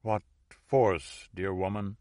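A man doing a hushed elderly priest. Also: lowish voice, fairly even intonation, takes it slowly, dry recording, studio quality. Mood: soothing. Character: elderly male Orthodox priest, calm and soothing.

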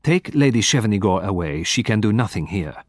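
A man's voice: fairly low pitch, sing-song, no room sound, clean studio sound. Poirot, a man voicing a precise, commanding detective. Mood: authoritative. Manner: formal, measured, courteous.

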